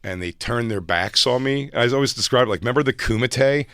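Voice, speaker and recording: A man telling a long, animated story from his stand-up comedy days in casual chat, acting out other people's lines as he goes. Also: medium pitch, brisk, no room sound.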